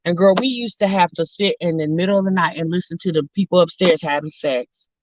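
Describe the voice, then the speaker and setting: A woman vlogger telling a story to her viewers in a sassy, drawling, animated way, calling them honey and girl. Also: fairly low pitch, brisk, no echo, dull audio. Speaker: vlog host.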